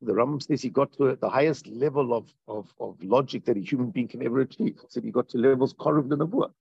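A man teaching a Torah class as a rabbi, animated and repeating phrases for emphasis. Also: mid-range voice, fast talker, creaky, slightly rough, no room sound, lo-fi sound. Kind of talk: Torah class on Tisha B'Av.

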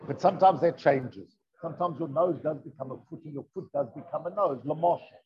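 In this dull, lo-fi classroom recording, a man reads from the text while teaching a Torah lesson. His voice sits on the high side and moves a little fast, and his explanations feel conversational, sprinkled with rhetorical questions and Hebrew terms.

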